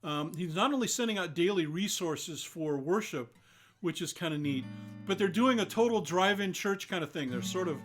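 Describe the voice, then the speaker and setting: Older guy chatting between songs on a live stream, bit higher voice, guitar ringing behind him. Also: lively intonation, moderate pace. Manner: chatty, greeting viewers by name, warm asides. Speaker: singer-songwriter hosting a live stream concert. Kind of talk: casual chat between songs.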